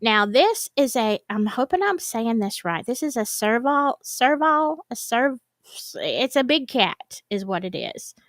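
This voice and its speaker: Chatty woman with a lively voice. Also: fairly high pitch, a little slow, dry recording. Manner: chatty, rambling, laughs often. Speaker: host. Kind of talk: casual chat to a live audience.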